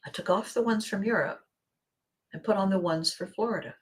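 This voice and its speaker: A woman from Canada hosting a solo motivational podcast, talking in an animated, playful way and laughing often. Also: mid-range voice, a little fast. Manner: animated and playful, laughs often, acts out little quoted exchanges. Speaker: podcast host.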